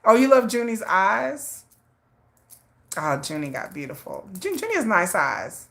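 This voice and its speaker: Animated woman chatting on a livestream. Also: medium pitch, a little slow, gravelly. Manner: animated storytelling, acting out a friend's lines, frequent laughs; reads and answers viewer chat. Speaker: livestream host. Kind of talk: casual livestream chat.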